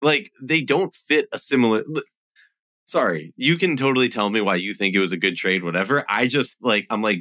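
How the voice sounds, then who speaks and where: Opinionated man with a bright, low voice. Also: a little fast, no echo, studio quality. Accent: Minnesotan. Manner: opinionated, animated, self-deprecating. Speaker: podcast host. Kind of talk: casual sports podcast chat.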